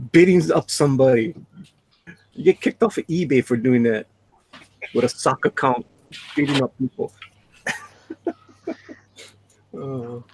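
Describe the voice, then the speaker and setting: A man's voice: mid-range voice, a little slow, long pauses, a little mellow, a little hiss or hum, rough recording. A man chatting on a livestream art auction as a bidder, eagerly talking up the artwork. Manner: enthusiastic, talks up the artwork. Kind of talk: casual livestream chat.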